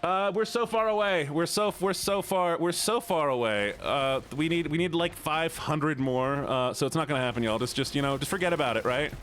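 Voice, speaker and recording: A man's voice: a little high, normal speed, hardly any pauses, a bit bright, a little hiss or hum. A man live streaming a game, talking casually and rambling in a jokey way with his chat.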